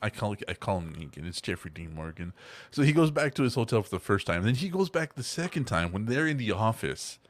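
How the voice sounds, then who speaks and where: Animated man chatting on a podcast. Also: fairly low pitch, brisk. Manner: animated, laughs often, swears casually. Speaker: podcast co-host. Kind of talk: casual chat.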